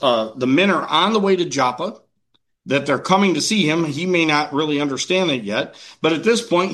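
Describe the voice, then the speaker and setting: A man with a slightly high voice preaches a relaxed, conversational sermon. He retells the passage in a folksy way and often stumbles and restarts his words. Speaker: pastor.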